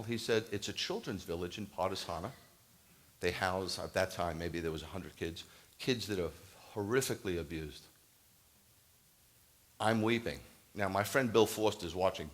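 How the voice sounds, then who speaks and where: A man with a fairly low voice preaches to a congregation, telling a story and acting out each side of the conversation. He grows loud and emphatic when he drives his point home. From United States. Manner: animated, acts out quoted dialogue, rises to emphatic preaching. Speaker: Messianic rabbi. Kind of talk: sermon storytelling. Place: congregation hall, addressing a live audience.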